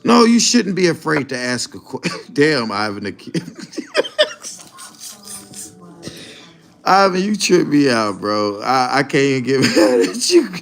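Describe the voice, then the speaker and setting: A man's voice: mid-range voice, big pitch swings, normal speed, gravelly, fairly bright tone. A man hosting a casual livestream, talking to his chat in a rambling, profane way and laughing often. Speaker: livestream host.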